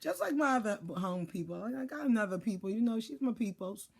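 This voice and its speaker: A woman's voice: fairly high pitch, lively intonation, fast, gravelly, darkish tone. A woman giving casual life advice in a blunt, profane monologue, acting out what people say. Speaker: life and spiritual advisor.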